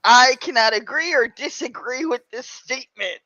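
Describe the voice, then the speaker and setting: A woman's voice: high-pitched, moderate pace, bright, forceful tone, dull audio. A woman co-hosting a stream in casual chat, blunt and sarcastic, swearing freely.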